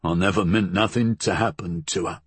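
A man voicing a big, brooding working-class tavern keeper who talks in a rough dialect. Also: low voice, normal speed, no room sound. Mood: confessing.

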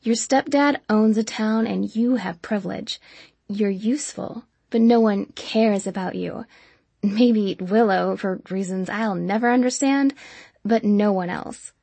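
A woman narrator voicing a spiteful young woman who taunts in a slow, sugary drawl, with a husky voice. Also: mid-range voice, mellow, no echo. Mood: taunting.

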